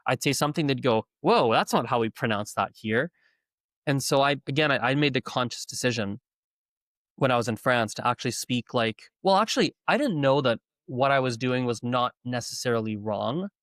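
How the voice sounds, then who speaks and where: Man, podcast guest, mid-range voice, lively storyteller, dry recording. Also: medium pitch, fairly quick, dry recording. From Canada. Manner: lively, self-correcting, chatty. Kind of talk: conversational storytelling.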